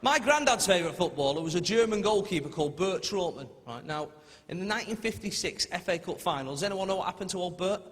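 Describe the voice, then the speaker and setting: A man's voice: high voice, animated, a little hiss or hum. A man from Manchester with a Manchester accent, performing a chatty stand-up set and bantering with the audience. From Manchester, England. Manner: chatty, quick asides to the crowd. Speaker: stand-up comedian. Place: large theatre stage with a laughing audience. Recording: echoey theatre, loud crowd laughter.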